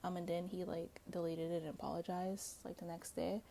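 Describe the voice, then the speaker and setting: Woman host, gravelly mellow voice, blunt gossipy solo commentary. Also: fairly low pitch, level tone, a little fast. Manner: blunt, gossipy, swears freely; chatty with frequent fillers and asides. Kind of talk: casual solo commentary to viewers.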